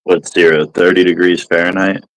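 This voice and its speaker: Man, very deep voice, teasing, dry close sound. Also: little pitch movement, moderate pace, fairly bright tone, dry recording, low-quality recording. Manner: teasing, laughs often. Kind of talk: casual banter.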